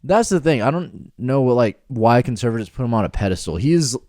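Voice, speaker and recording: A man's voice: mid-range voice, animated, fairly quick, dark tone, dry recording, clean studio sound. A man co-hosting a podcast in casual chat, joking crudely and laughing often. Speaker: podcast co-host.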